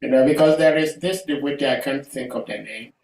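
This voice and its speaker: A man taking part in a casual class discussion, speaking haltingly with many pauses and "uh" fillers. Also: mid-range voice, gravelly, a little mellow. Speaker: class participant. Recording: roomy sound from a distant mic.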